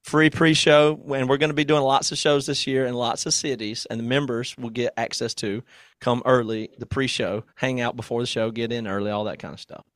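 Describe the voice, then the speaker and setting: A man's voice: mid-range voice, steady tone, brisk, fairly bright tone, dry recording. A man co-hosting a podcast, chatting casually and reading the show's plugs. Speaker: podcast co-host.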